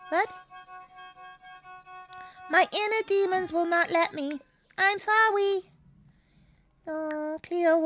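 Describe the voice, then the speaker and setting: A woman's voice: very high voice, a bit bright, pitched above the performer's own voice, exaggerated voice. A woman voicing a small cranky owl that sounds like a puppet, grumbling through game commentary. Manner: grumbling, chatty commentary to chat. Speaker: streamer.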